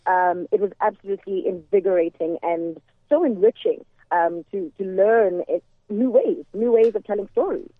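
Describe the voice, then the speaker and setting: A woman's voice: mid-range voice, normal speed, few pauses, no room sound. A woman from South Africa, a guest actress, talking enthusiastically and articulately about her work in a phone interview. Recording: tinny phone line.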